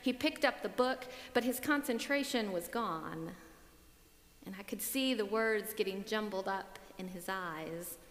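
A woman's voice: medium pitch, measured pace, fairly bright tone. Reflective woman preaching in an echoey hall. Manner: reflective, with a repeated refrain. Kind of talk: sermon. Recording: echoey hall with long reverb.

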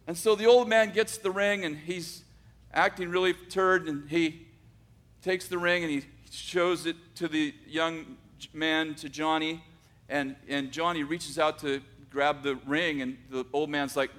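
A man with a rather high voice telling a story aloud. He takes his time, drawing out dramatic moments with pauses and frequently backtracking to restart a sentence. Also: steady tone, a bit bright. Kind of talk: oral storytelling.

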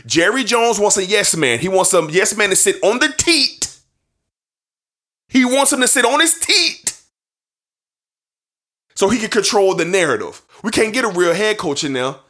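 Fired-up man ranting about football. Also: sits high. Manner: passionate, rising to shouts. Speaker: sports talk host. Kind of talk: heated sports opinion rant.

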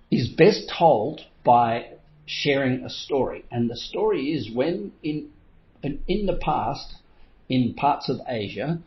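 A middle-aged man coaching in a motivational talk, telling stories and acting out his own inner voice with frequent chuckles. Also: medium pitch. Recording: slightly dull lo-fi recording.

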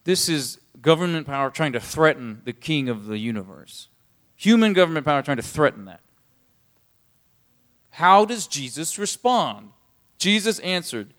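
A man's voice: fairly high pitch, sing-song, moderate pace, fairly bright tone. A man preaching a sermon, explaining a scripture passage in a casual, conversational way and rising to emphatic points. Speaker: pastor.

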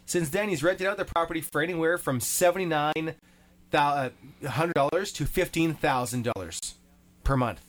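A man's voice: fairly high pitch, normal speed. A man hosting a casual studio talk show, reading out news items and laughing along with his co-hosts. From Canada. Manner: reads news items aloud, chatty and laughing. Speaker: radio show host.

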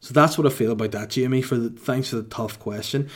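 A Northern Irish man in his thirties hosts a casual Q&A, joking along in a mock-boastful, deadpan way. His voice sits at a middling pitch for a man. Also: quick pace. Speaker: host answering listener questions. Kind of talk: casual comedic Q&A chat.

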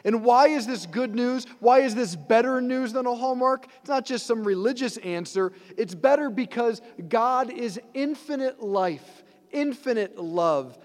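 A man's voice: very high-pitched, lively intonation, a little slow. A man giving a conversational sermon as a priest, asking the congregation rhetorical questions. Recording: long church reverb.

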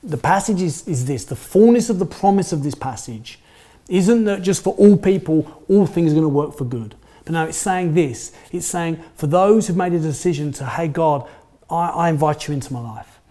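Male pastor, conversational sermon, mellow voice pitched a bit high, lots of "you know". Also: animated, normal speed. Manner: chatty, frequent "you know" fillers.

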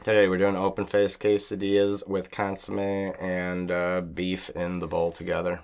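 A man's voice: deep voice, monotone, normal speed, darkish tone. A man co-hosting a casual food podcast, explaining a recipe in a rambling way with many fillers. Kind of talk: casual chat.

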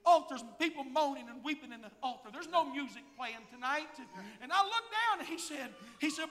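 A man in his forties preaching a sermon, telling a story in a voice that swings from hushed to shouting, in a church sanctuary with reverb. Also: extremely high pitch, lively intonation, brisk, hardly any pauses. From United States. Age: 40s. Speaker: pastor.

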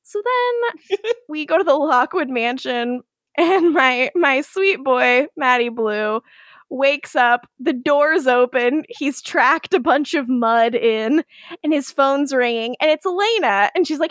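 A young woman with a high voice chats through a TV episode recap on a podcast. She laughs a lot and slips into playful impressions of the characters. The sound is dry and close. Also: animated, a bit bright, no echo. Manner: laughs often, acts out characters' lines in quick voices. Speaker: podcast co-host. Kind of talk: casual chat, recapping a TV episode.

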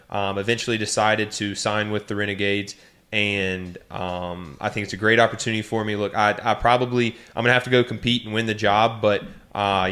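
A young man with a low, fairly flat voice hosts a casual sports podcast. He talks in an easygoing, relaxed way and fills his pauses with ums. It is unhurried studio chat. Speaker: podcast host and quarterback.

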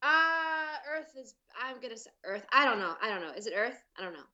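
A woman's voice: fairly high pitch, very animated, a little fast, sharp tone, muffled recording. A woman guest on a podcast, a violinist, chatting casually with laughs and fillers. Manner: bubbly, laughing, hesitant fillers. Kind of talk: casual chat.

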